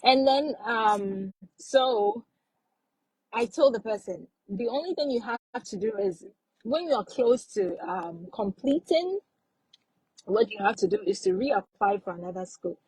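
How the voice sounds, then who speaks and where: Woman, live-stream host, warm mellow tone, slightly husky, chatty, repeats herself for emphasis, dry close sound. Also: fairly high pitch, expressive, measured pace, dry recording, rough recording. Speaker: live-stream host giving study-abroad advice. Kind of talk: casual live-stream chat.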